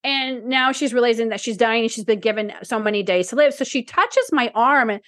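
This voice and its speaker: A woman's voice: on the high side, a little fast, fairly bright tone, no echo, clean studio sound. Teary woman rambling on a podcast. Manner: emotional, rambling with many restarts. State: teary, close to crying. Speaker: podcast co-host. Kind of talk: casual podcast chat.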